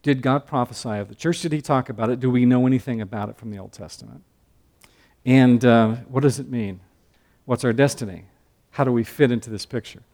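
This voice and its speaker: A man giving a sermon-style Bible lesson, talking conversationally with joking asides, swinging between loud emphatic stretches and quiet asides. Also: mid-range voice, brisk. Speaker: Bible teacher.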